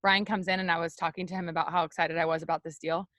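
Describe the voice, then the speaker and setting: A young woman leading a team, giving a loud, energetic, chatty motivational talk straight to her viewers on a live stream. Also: fairly low pitch, rapid-fire, dry recording. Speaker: network marketing team leader on a live stream.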